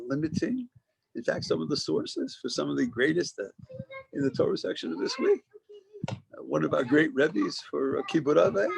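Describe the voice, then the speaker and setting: A rabbi teaches a class, giving an informal, conversational Torah lecture that wanders and often restarts phrases for emphasis. His voice sits on the high side and is gravelly. The low-quality recording carries a little hiss or hum.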